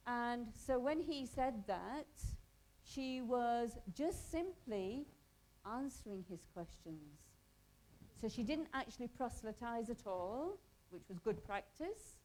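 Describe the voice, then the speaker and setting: A woman's voice: fairly high pitch, warm tone, rough recording. A woman from Pakistan teaching a hospital volunteer workshop, talking conversationally and quizzing the group in a training room.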